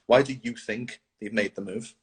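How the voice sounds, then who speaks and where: A man's voice: on the low side, steady tone, normal speed, poor audio. A man interviewing a fighter, asking long, friendly questions with frequent restarts. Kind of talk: casual interview.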